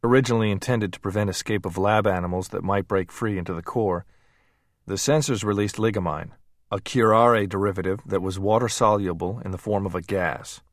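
A man with a fairly low voice narrates an audiobook, reading in a steady, measured way. The recording is dry, with clean studio sound.

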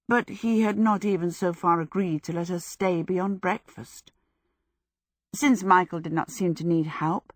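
Slow, measured woman narrating. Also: on the low side, dry recording, clean studio sound. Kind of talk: audiobook reading.

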